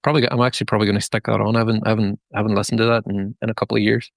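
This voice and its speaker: A man's voice: fairly low pitch, rapid-fire, vocal fry, no echo. A Northern Irish man in his thirties, a band frontman chatting casually in an interview, rambling through stories with lots of restarts and fillers. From Northern Ireland. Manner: rambling, many restarts and fillers, relaxed storytelling.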